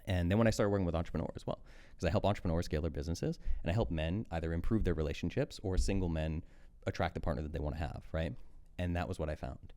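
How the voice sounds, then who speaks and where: A coach in his thirties, appearing as a podcast guest, delivers a candid conversational monologue in a low, mellow voice at a very fast clip. He talks intensely and swears freely.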